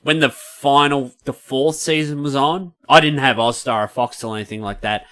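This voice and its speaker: An Australian man talking casually on a podcast, his voice bright and forward. He speaks with easy enthusiasm and drops swear words freely, pitched at a normal middle height. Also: fairly even intonation, moderate pace. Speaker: podcast co-host. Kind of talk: casual chat.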